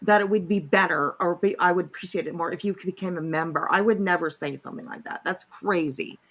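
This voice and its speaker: A woman's voice: fairly low pitch, fast, a bit bright. A woman hosting a casual reaction chat, rambling with lots of "like" and "um". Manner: rambling, heavy with "like" and "um". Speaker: commentary host.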